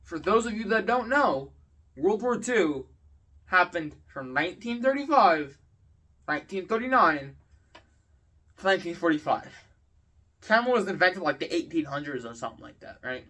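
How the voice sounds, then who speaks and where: A man's voice: high-pitched, very animated, moderate pace, pauses often, sharp tone, distant mic. A teenage boy telling a rambling, exasperated story about school in a casual rant. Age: teens. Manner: exasperated, rambling, filler-heavy. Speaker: student vlogger. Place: home at night.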